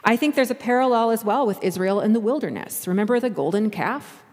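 A woman's voice: fairly high pitch, expressive, brisk, darkish tone, big-room sound. A woman pastor delivering a sermon in a conversational way, acting out the voices she quotes.

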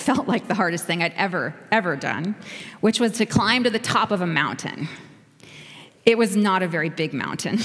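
Lady doing a kids' talk at church, playful and encouraging, lots of questions, echoey hall. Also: mid-range voice. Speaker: children's message leader. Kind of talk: interactive talk with children.

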